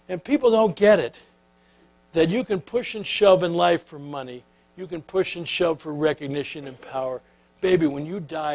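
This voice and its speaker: A man telling stories to an audience and drawing life lessons, in an animated way that grows soft and intimate, often filling pauses with "uh". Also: fairly high pitch, poor audio. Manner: animated storyteller who turns soft and intimate; filler-heavy, with repeated "uh". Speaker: speaker. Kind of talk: storytelling talk.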